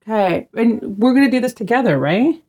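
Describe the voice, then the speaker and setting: A woman's voice: a little high, lively intonation, normal speed, warm tone. A woman hosting a podcast, chatting and teasing her husband, often laughing. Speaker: podcast host. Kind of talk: casual podcast chat.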